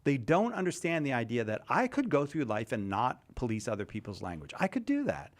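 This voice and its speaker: A man's voice: mid-range voice, sing-song, a little fast. A man hosting a radio talk show, chatting casually with a panel and thinking aloud with lots of restarts.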